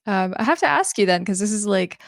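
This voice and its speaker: A woman with a gravelly, fry-edged voice chats as a guest in a casual interview. Her manner is reserved and wry, and the sound is close and dry. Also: medium pitch, animated, a little fast, no echo. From outside the United States. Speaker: guest streamer.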